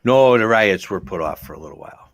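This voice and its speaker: A man's voice: fairly low pitch, animated, fast, no room sound. A man hosting a casual comedy podcast, dry and joking in a laid-back way. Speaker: podcast host.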